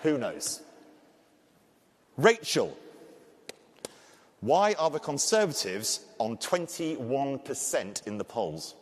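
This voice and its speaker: A man with a thick Scouse accent moderating a live panel discussion, joking and energetic. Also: medium pitch, slow, pauses often. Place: large conference hall. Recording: reverberant hall.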